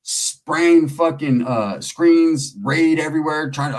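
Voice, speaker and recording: A man's voice: on the high side, slow, rough recording. A middle-aged man from California telling prison and neighborhood stories in casual, profane street slang. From Merced area, California. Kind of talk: casual storytelling.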